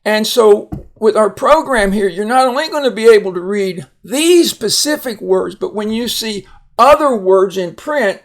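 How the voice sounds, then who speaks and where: A male teacher giving a recorded phonics lesson, slow and patient, with many fillers and restarts. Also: high voice, animated.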